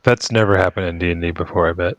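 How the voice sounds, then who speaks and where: A man playing a tabletop game, speaking in a matter-of-fact, deadpan way. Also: deep voice, fast talker, dry recording. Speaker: player. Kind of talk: casual tabletop game chat.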